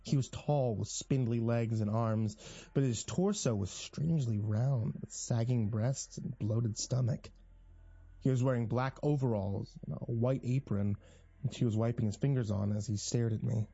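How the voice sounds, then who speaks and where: A man narrating a first-person horror story in a tense, measured way. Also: mid-range voice, warm tone, slightly rough, no room sound, dull audio.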